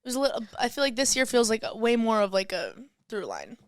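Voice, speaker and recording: Giggly woman singer, clear bright voice. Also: fairly high pitch, huge pitch swings, quick pace, no room sound, clean studio sound. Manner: giggly, acts out what she and others said. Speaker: singer-songwriter guest. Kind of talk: casual chat.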